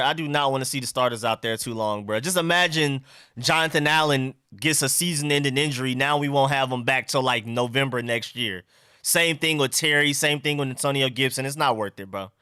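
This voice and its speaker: A young man hosts a live stream, chatting loosely and reading viewer comments aloud in casual conversation. His voice is a little high, pushed and bright, with a clean tone. The audio is studio quality with no room sound.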